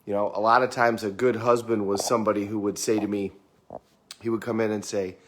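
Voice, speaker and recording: A man's voice: fairly low pitch, little pitch movement, brisk, slight background noise. A middle-aged man giving a conversational motivational talk, often repeating words as he goes. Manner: conversational, repeats words, acts out quoted clients. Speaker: motivational speaker.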